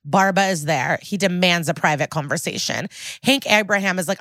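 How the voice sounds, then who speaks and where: A woman's voice: lowish voice, brisk, no room sound, studio quality. A woman co-hosting a podcast, recapping a TV episode in casual chat, acting out the characters' lines and swearing freely as she comments. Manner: animated, acts out characters' lines.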